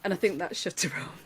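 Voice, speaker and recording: A woman, telling lively anecdotes in casual podcast chat, laughing often. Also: medium pitch, husky. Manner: animated storyteller, laughs often, many restarts. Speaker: podcast guest.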